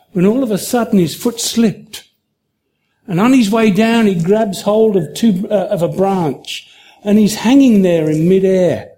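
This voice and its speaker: A man's voice: high-pitched, warm tone. A man preaching a sermon, telling a story in an earnest way with small restarts.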